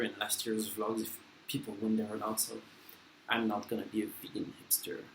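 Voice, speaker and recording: A man's voice: fairly low pitch, steady tone, fairly quick, vocal fry, slight background noise. A man in his twenties, not an English speaker, chatting casually and self-deprecatingly through a mukbang vlog with plenty of fillers. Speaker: vlogger. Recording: echoey room with faint ambience.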